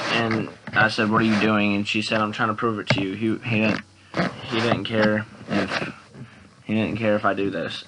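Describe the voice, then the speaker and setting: A man's voice: on the low side, noisy background. A young man rambling through a casual storytime vlog, restarting often and quoting himself with "and I'm like". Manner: rambling, repeats words and restarts, many "and I'm like". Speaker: vlogger.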